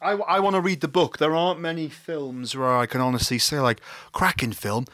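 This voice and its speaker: Film podcast co-host, English man, wry and meandering, bright voice. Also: on the high side, fairly even intonation, fairly quick, no echo. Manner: rambling, self-correcting, wry. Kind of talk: casual film discussion.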